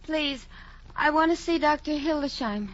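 A woman's voice: high voice, normal speed, lo-fi sound, slight background noise, lightly acted. A woman playing a feverish, frightened young woman. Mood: delirious. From American South. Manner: feverish, breathless and pleading.

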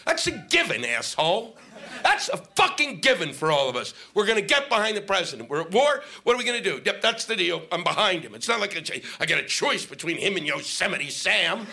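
A man's voice: high-pitched, very animated, fairly quick, creaky, pushed and bright. Ranting, profane male stand-up comic. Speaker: stand-up comedian. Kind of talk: stand-up comedy set. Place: stage before an audience.

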